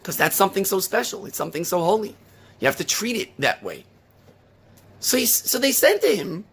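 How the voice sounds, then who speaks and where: Animated high-voiced husky rabbi. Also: male voice, brisk. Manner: animated, rhetorical questions, storytelling. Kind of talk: sermon.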